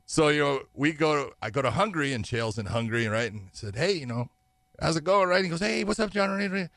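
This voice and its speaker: Guesting on an interview, this fight referee tells long, rambling stories, frequently laughing and mimicking the voices of people he quotes. He speaks fairly quickly in a medium-pitched, expressive voice that's fairly bright with some vocal fry, and there's no echo.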